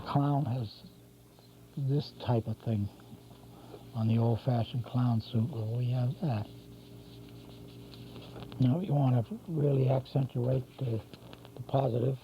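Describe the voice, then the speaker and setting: An older man, a drawing instructor, rambles casually while demonstrating cartoon drawing, correcting himself as he goes. His voice is medium-pitched. The audio comes from a local TV studio and has the dull, lo-fi sound of 1990s community TV with a faint hum.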